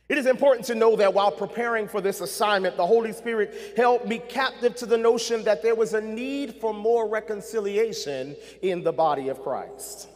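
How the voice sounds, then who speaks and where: A man preaching a sermon as pastor, calling on the congregation to respond and swinging between soft passages and rising intensity. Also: high-pitched, normal speed, big-room sound. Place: church sanctuary.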